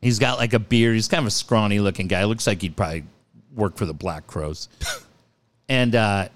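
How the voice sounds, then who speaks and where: At a normal speed and in a lowish voice, a middle-aged man hosts a radio show. He shares profane stories casually, animating them by acting out what people said.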